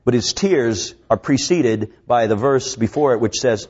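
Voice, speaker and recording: A man preaching a sermon, reading scripture slowly and swinging between raised, urgent lines and low, hushed ones. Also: slightly rough. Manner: preaching with dramatic rises and drops; slows down to draw out scripture quotes. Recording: dull lo-fi recording.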